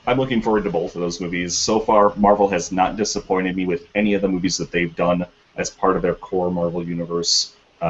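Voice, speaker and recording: A man co-hosting a casual podcast chat, opinionated and quick to argue his point. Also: low voice, husky. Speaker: podcast co-host. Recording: dull lo-fi podcast audio.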